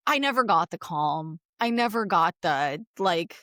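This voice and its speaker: A woman therapist co-hosting a podcast in casual chat, telling stories in an animated, expressive way and acting out quotes. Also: fairly low pitch, a little slow, no room sound, clean studio sound. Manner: animated, expressive storyteller who acts out quotes.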